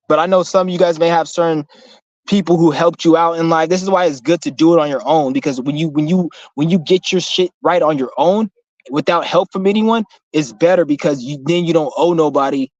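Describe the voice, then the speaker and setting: A man's voice: on the high side, darkish tone, dry recording. A young man giving a casual motivational rant to his viewers, blunt and profane, rambling with frequent restarts. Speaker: vlogger. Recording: slightly muffled lo-fi recording.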